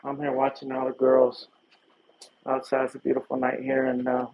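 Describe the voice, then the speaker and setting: Outdoors at night, a police detective from Illinois talks casually with viewers over a phone livestream, laughing easily. His medium-pitched voice is gravelly with a completely flat delivery at normal speed, captured in dull, lo-fi phone audio with background noise.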